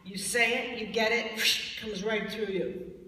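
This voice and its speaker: Woman lecturer, blunt and emphatic, bright forceful voice, picked up from far off in an echoey hall. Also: mid-range voice, steady tone, unhurried, a little hiss or hum. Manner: blunt, emphatic, playfully mocking tones of voice. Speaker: spiritual speaker. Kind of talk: lecture to a live audience.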